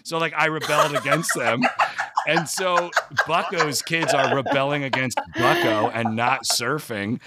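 A man's voice: mid-range voice, measured pace, heavy background noise. A man, an actor and comedian in his forties, telling self-deprecating stories in a casual chat and swearing freely. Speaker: podcast guest, comedic actor.

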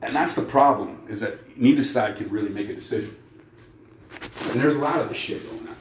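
A man's voice: fairly low pitch, a little mellow. A man hosting a podcast, ranting angrily and sarcastically with a lot of swearing. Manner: angry, profane, sarcastic ranting. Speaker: podcast host. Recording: echoey room with faint noise.

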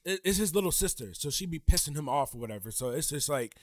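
A young man co-hosting a casual podcast, talking animatedly with loud outbursts, frequent swearing and laughter. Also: on the high side, animated, quick pace, no room sound, studio quality. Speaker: podcast co-host and impressionist.

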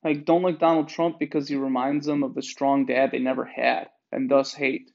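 A man hosting a podcast in a rambling monologue, swearing often and digressing in an animated way. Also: medium pitch, moderate pace, vocal fry, dull audio. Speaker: podcast host.

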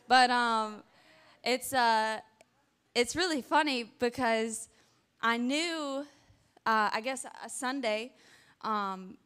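Woman, guest preacher, fairly high and smooth voice, chatty and animated storytelling, handheld mic in church. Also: slow. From American South. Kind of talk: storytelling sermon. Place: church sanctuary before a congregation. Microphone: handheld microphone.

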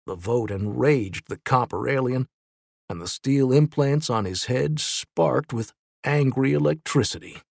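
A man narrating a children's adventure story in a steady, vivid storytelling manner. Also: mid-range voice, measured pace, creaky, no room sound.

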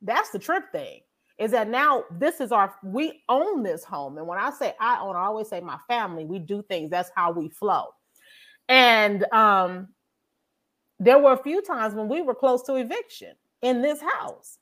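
A woman co-hosting a podcast, telling a faith testimony in a casual, animated way and acting out her own prayers as she goes. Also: mid-range voice, normal speed. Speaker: podcast co-host.

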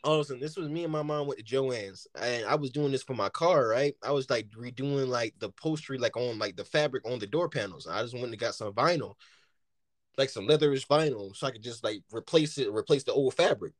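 A man's voice: medium pitch, fairly quick, dry recording, clean studio sound. A man telling a casual story, rambling with constant filler words and acting out the lines he quotes. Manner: rambling, heavy use of "like" fillers; animated, acts out quoted lines.

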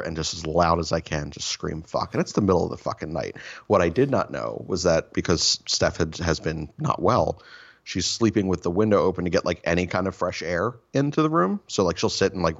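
A man's voice: sits low, fairly bright tone, lo-fi sound. A man telling rambling, profane, self-mocking stories in a casual chat.

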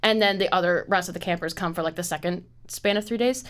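A woman's voice: lowish voice, fast, fairly bright tone. A woman in her twenties hosting a podcast in casual chat, rambling, packing in "like" and swearing freely. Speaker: podcast host.

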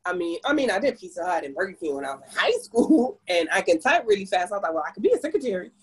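A woman in her forties from the Caribbean, a podcast guest telling her story in an animated, expressive way. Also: fast, husky, low-quality recording. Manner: animated, expressive storyteller with big pitch jumps. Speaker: podcast guest, business owner. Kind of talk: casual conversational storytelling.

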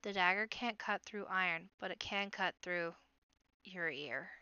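A woman voicing a fierce, quick-witted young girl rabbit who speaks urgently and loudly. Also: on the low side, clear, resonant tone, no room sound, highs cut off. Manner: urgent, fiery, loud.

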